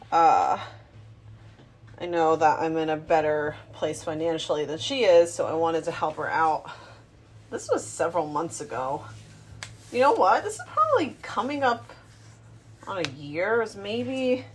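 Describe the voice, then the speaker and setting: A woman talks to her camera in a small apartment kitchen, relaxed and rambling as she cooks. Her voice sits somewhat low, and she takes her time. A faint background hum stays behind her. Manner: relaxed, rambling, thinks aloud. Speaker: vlogger cooking at home. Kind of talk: casual talking-to-camera chat while cooking.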